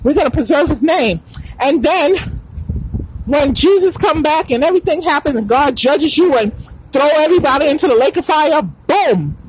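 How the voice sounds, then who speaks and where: A woman with a high, bright voice holds forth in a preachy podcast monologue. Her pitch swoops widely as she drives her points home, repeating phrases and drifting into snatches of song. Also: lively intonation, normal speed, a little hiss or hum, low-quality recording. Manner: emphatic, repeats lines, breaks into sung phrases. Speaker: podcast host.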